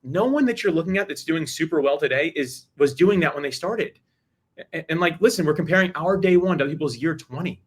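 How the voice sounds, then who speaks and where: A man talking as a podcast guest, giving energetic advice in a rapid, emphatic way with frequent restarts. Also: on the high side, slightly rough.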